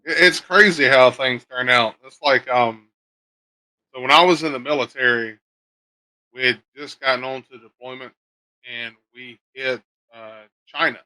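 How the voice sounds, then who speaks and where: Loud, bright-voiced man chiming in. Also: mid-range voice, steady tone, a little slow, rough recording. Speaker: podcast guest, military veteran. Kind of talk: casual chat.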